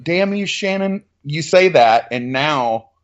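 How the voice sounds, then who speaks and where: A man's voice: on the high side, takes it slowly. Man, casual podcast chatter, loose and profane, muffled lo-fi audio. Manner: loose, profane, excitable with many fillers.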